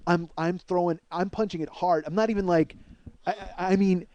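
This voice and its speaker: The recording is very noisy as a middle-aged man with a high-pitched, steady voice delivers a storytelling monologue as podcast host. Talking a little fast, he gets heated, curses nonstop, and loudly acts out the quotes from his story.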